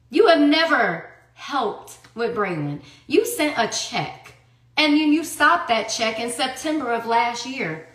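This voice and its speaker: A woman's voice: fairly high pitch, fairly bright tone. A woman giving a heated personal account in an interview, blunt and profane, who hammers her points with repeated rhetorical questions. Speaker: interview guest. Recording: echoey room.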